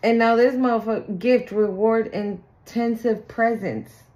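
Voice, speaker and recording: A woman's voice: fairly high pitch, fairly even intonation, unhurried, a little mellow. Woman tarot reader, casual and blunt, swears a lot, slightly dull lo-fi recording. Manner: blunt, profane, acts out quoted people in sing-song voices. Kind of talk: casual spiritual reading to camera.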